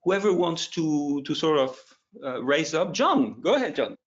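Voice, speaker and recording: A man's voice: a little high, big pitch swings, a little slow, highs cut off. A man moderating a webinar panel, telling his career story with frequent restarts and a touch of emotion, over a video call.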